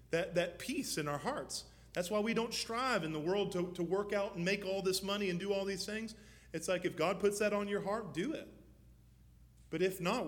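A man preaching a sermon as pastor, moving from low, measured teaching to loud, fervent exhortation. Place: church.

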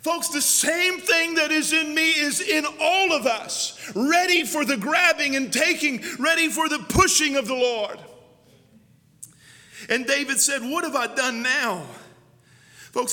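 A young man preaching a fiery, shouting sermon as pastor in a church. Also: extremely high pitch, a little slow. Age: young adult. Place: church sanctuary. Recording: long church hall reverb.

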